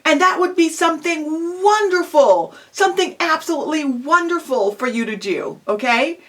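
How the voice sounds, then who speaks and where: A woman with a fairly high voice delivers a self-help lecture, coaching the listener directly. She talks in a loose, conversational way, peppering her advice with rhetorical questions and plenty of "um" and "you know.". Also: lively intonation, normal speed. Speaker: psychology professor giving advice.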